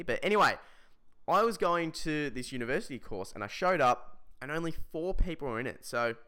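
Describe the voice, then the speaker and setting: A young man telling a comic story from his life in a rambling, crude way, swearing often and shouting in mock outrage. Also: mid-range voice, clean tone. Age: young adult. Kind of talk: comedic storytelling.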